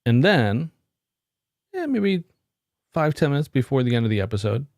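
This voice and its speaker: A man's voice: medium pitch, sing-song, moderate pace, darkish tone, no echo, clean studio sound. A man vlogging about his IT career, telling a wry, rambling story to the camera in a casual, explaining way.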